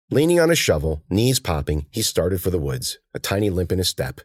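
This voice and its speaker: Husky, low-pitched male audiobook narrator. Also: big pitch swings, fairly quick, few pauses, no room sound, clean studio sound. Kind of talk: scripted narration.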